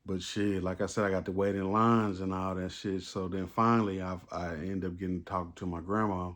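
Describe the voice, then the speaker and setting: A man with a very low, deep voice tells a casual storytime monologue. He rambles loosely, with lots of fillers and swearing. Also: little pitch movement, a little fast, fairly bright tone.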